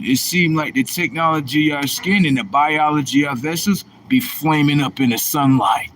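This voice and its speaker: A man's voice: mid-range voice, a bit bright, a little hiss or hum. A man hosting a livestream, delivering a combative, preachy monologue full of rhetorical questions. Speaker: livestream host.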